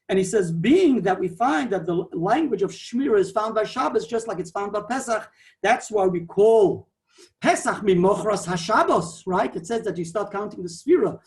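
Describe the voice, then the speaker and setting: Digressive rabbi teaching a Torah class. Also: male voice, high-pitched. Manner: digressive, animated, peppered with Hebrew and Yiddish terms. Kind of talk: Talmudic lecture.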